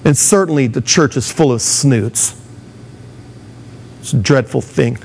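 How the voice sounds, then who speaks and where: A man's voice: mid-range voice, measured pace, creaky, a little mellow, slight background noise. A man delivering a sermon as a pastor, speaking with emphatic rises and acting out the words of the people he quotes.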